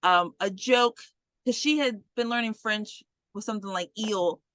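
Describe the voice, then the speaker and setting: A woman on a podcast, casually retelling a film's plot with lively, profane commentary and quick acted quotes. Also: mid-range voice, no echo. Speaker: podcast host. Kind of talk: casual movie recap.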